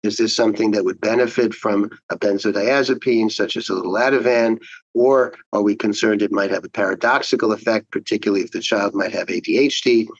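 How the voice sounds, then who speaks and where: Man, psychiatrist guest, measured explanations, deep-ish voice, muffled lo-fi audio. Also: fairly even intonation, no echo. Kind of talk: interview answers.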